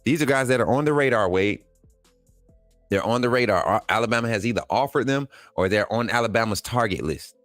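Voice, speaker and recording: A man hosting a sports livestream, hyping players and reading chat, excitable and repeating himself in casual slang. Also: mid-range voice, fairly quick, no room sound, soft background music. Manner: excitable, hypes players, talks straight to viewers; repeats phrases, casual colloquial speech. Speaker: sports channel host.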